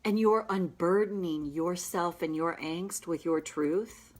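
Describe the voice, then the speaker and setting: Brief: woman tapping coach, low voice, unhurried, emphatic repeated affirmations. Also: a little mellow. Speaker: tapping practitioner. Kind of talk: guided tapping session.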